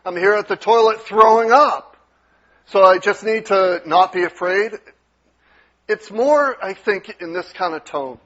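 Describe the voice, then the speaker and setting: A male pastor delivering a conversational sermon, dropping to a soft, gentle tone when he voices reassuring words. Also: high-pitched, measured pace, dull audio. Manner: conversational preaching with soft quoted asides.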